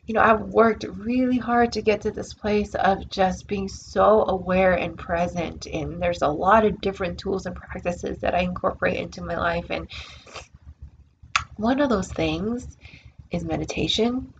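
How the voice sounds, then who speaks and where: A woman's voice: mid-range voice, unhurried, creaky, highs cut off, slight background noise. A woman hosting her own podcast, talking earnestly in a reflective, spiritual self-help monologue and repeating words for emphasis. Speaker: podcast host.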